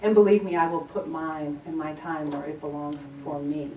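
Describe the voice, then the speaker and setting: A woman's voice: low-pitched, level tone, normal speed, darkish tone. Earnest woman sharing from afar, echoey. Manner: earnest storytelling, heartfelt. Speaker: service leader giving announcements. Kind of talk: personal sharing at a spiritual gathering. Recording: echoey room, from far off, faint noise.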